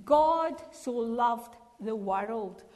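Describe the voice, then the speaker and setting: A woman's voice: a little high, lively intonation, extremely slow, a little mellow, long reverb tail. An older woman with a Scottish accent, a grandmother giving a chatty talk to a church congregation and asking them questions. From Scotland. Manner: chatty, storytelling, asks the audience questions. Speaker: Salvation Army speaker.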